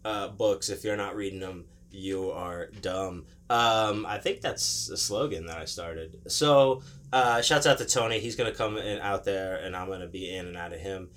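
Casting: male podcast host, bright and forceful tone, animated and rambling. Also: sits low, moderate pace, few pauses, a little hiss or hum. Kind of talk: casual podcast chat.

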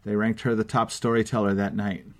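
A man's voice: on the low side, little pitch movement, brisk. A man hosting a storytelling podcast, steadily reading out event announcements. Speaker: podcast host.

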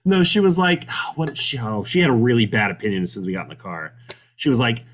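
Casting: male podcast co-host, loose and jokey, lively swooping delivery, curses casually. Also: medium pitch, fast talker, slight background noise. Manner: laughing, joking, swearing freely. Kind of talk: casual chat.

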